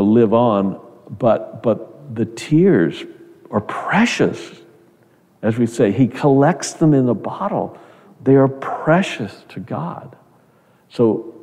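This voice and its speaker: A man's voice: mid-range voice, mellow, big-room sound. A man preaching a sermon in an earnest, conversational way, often repeating words as he goes.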